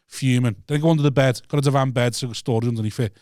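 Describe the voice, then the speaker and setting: A man with a Liverpool accent telling a sweary, animated story on a podcast, acting out his own shouting. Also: medium pitch, very fast, no echo, studio quality. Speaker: podcast co-host and stand-up comedian. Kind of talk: casual chat, storytelling rant. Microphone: studio mic.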